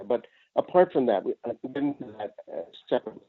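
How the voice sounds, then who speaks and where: A man calling in to a reading group, offering an observation in a halting, tentative way with many pauses. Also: mid-range voice, animated, dry recording. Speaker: caller. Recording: tinny phone line, dry.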